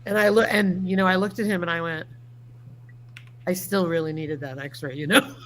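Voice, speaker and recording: A woman's voice: fairly low pitch, fairly even intonation, normal speed, fairly bright tone, slight background noise. A middle-aged woman hosting a casual livestream chat. She tells folksy stories and reads viewer comments aloud. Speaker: livestream host.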